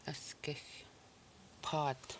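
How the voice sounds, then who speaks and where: Speaking extremely slowly over a faint hiss or hum, a language teacher leads a recorded listening lesson. Every word gets repeated with patience and broken down syllable by syllable in a calm, steady explaining manner.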